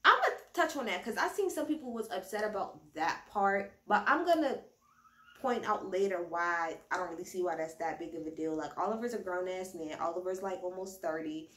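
A reality TV recapper, a little tipsy, runs through a casual recap at home, full of slang, swearing and chatter. Her lowish voice comes out slightly fast, pushed and bright. With only the device's built-in mic, the indoor recording sounds roomy and echoey.

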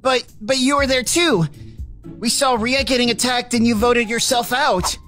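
A man's voice: very high voice, fairly even intonation, moderate pace, pushed and bright, faint music behind. A man voicing an anxious young male crewmate in a cartoon who panics and gets bewildered. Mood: confused. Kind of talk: cartoon voice acting.

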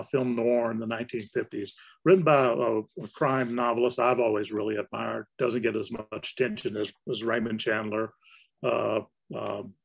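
Gravelly-voiced male novelist giving a talk. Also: medium pitch, low-quality recording. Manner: conversational, loose, with fillers and restarts. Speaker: guest speaker, novelist. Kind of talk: workshop lecture.

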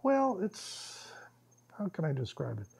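A high-pitched man presents at a workshop, sharing casual, animated stories with a small group while laughing often and acting out quoted lines. His voice is gravelly and slightly rough, delivered at a measured pace.

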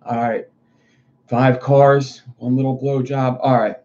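A man voicing a crude, excitable guy in a bar joke, talking loudly and eagerly. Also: mid-range voice, slow, close to an everyday voice. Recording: dull lo-fi stream audio.

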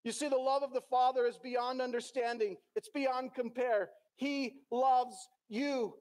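A man's voice: extremely high pitch, steady tone, measured pace, darkish tone. A male pastor preaching a sermon in a church, telling a story dramatically and acting out the characters' lines.

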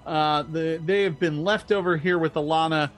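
A man's voice: fairly high pitch, normal speed, faint music behind. Joking man running a tabletop game. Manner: relaxed, joking, many fillers. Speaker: game master.

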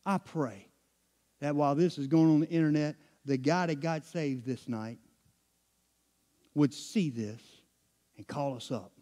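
A middle-aged man, preaching a sermon as pastor, dropping to low murmurs and rising to loud, high climaxes. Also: measured pace, pauses often.

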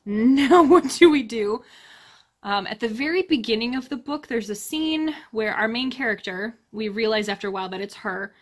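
A woman with a voice of middling pitch chats through a book review. She is candid and talkative, with frequent laughs and blunt, exasperated asides. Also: a bit bright. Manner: chatty and candid, laughing often. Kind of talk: casual book review chat.

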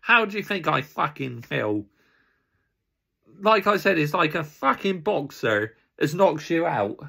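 Brief: young male fan vlogger, gravelly, bright edge, slow furious swearing rant. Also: fairly high pitch, big pitch swings. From England. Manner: furious, swearing, repeating himself. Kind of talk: angry ranting fan vlog.

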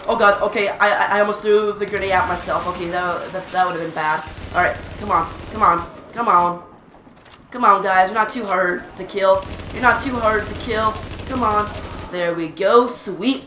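A woman narrates her own gameplay as it happens, excitable and quick to cry out, often tripping over her words. Her voice sits at an ordinary pitch for a woman. It carries a noticeable room echo with faint background noise. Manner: excitable, repeats urgent exclamations, stammers often. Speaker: gaming channel host. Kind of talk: live gameplay commentary.

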